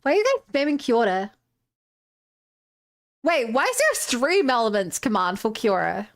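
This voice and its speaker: Brief: a young woman streamer with a high voice, casual and rambling, full of "um"s as she chats. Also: sing-song, moderate pace. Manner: chatty and rambling, greets viewers, many "um"s and restarts. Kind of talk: casual live-stream chat while drawing and rigging.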